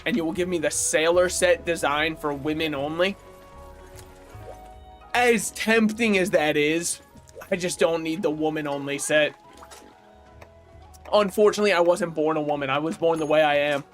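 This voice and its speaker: Man on a casual game stream; higher-pitched, opinionated rambler who laughs at his own asides. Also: moderate pace, pauses often, faint music behind. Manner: opinionated, rambling, chuckles often. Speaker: gaming streamer. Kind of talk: casual livestream chat while playing.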